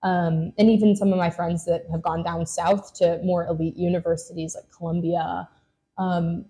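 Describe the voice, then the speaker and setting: A young woman hosts a relaxed interview in a fairly low, warm, mellow voice. She talks in a loose, rambling way and fills her sentences with "like" and "you know.". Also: normal speed. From Lexington, Kentucky. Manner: chatty, heavy use of "like" and "you know". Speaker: podcast host. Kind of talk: casual interview conversation.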